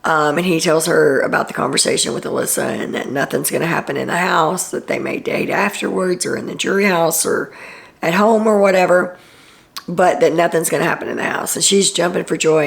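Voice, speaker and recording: A woman with a low voice and a gravelly, creaky texture talks through a casual recap as the show's host. She is chatty and opinionated, with frequent ums and asides. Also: fairly quick.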